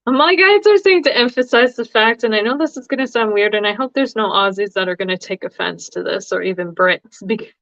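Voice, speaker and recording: A woman's voice: mid-range voice, a little fast, hardly any pauses, a bit bright, dry recording. Chatty giggly woman, dry muffled sound. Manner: chatty and giggly, laughing between thoughts. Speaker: tarot reader and livestream host. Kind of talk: casual live-stream chat. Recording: dry, slightly dull sound.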